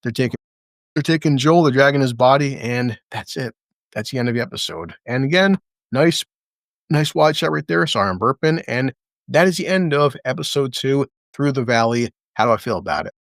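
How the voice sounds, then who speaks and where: A man's voice: mid-range voice, lively intonation, fairly quick, gravelly, no echo, clean studio sound. A man casually reviewing a TV episode, blunt and swearing a lot as he talks through the scenes. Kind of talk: casual profane reaction commentary.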